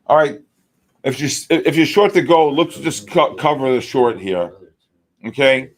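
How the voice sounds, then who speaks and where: A man's voice: medium pitch, lively intonation, normal speed. A man from the Bronx, hosting a live trading stream in a brash, joking way. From the Bronx, New York. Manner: brash, joking, calls out viewers by name. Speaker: livestream trading host.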